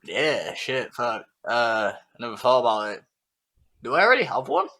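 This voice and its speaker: A man playing in a tabletop game, excitable, swearing and stammering. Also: medium pitch, moderate pace. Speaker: player.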